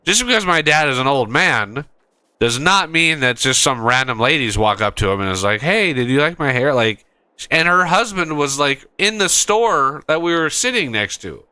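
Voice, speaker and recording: A man's voice: on the high side, big pitch swings, normal speed, bright, forceful tone, clean tone, no room sound. A man hosting a gaming channel, chatting casually while he plays and telling a rambling story full of restarts. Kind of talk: casual chat while playing a game.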